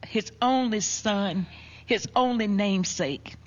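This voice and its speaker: An older woman retelling a painful family loss in slow, emotional personal storytelling, dropping to a hush when she quotes. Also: medium pitch. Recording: dull lo-fi recording.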